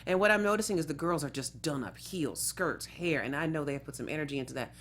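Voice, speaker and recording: A woman's voice: low voice, quick pace, a little hiss or hum. A woman from Texas, an actress guest, telling stories in casual interview chat with frequent laughter. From suburbs of Houston, Texas. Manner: animated storytelling, laughs often.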